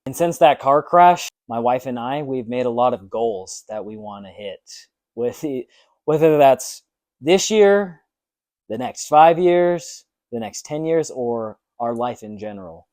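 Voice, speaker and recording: A man's voice: mid-range voice, animated, measured pace, darkish tone, no room sound, studio quality. A young man talking earnestly in a personal fitness vlog, motivational and full of ums. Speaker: fitness vlogger.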